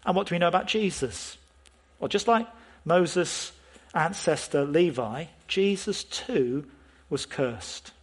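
Preacher, male, husky slightly high voice, earnest sermon delivery full of questions to the congregation. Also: animated, slow. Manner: earnest, asks the listeners questions, stresses key words.

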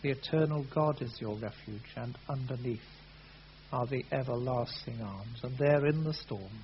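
A man preaching a sermon, earnest, rising loud and then falling soft. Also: mid-range voice, normal speed. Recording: dull lo-fi sound with faint hum.

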